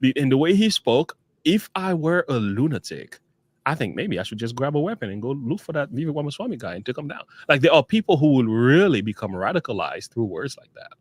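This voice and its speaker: Reaction-show host, male, animated pitch, dry close sound, laughs a lot. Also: fairly quick, no echo. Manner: chuckles often, loose and conversational. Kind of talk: casual reaction commentary.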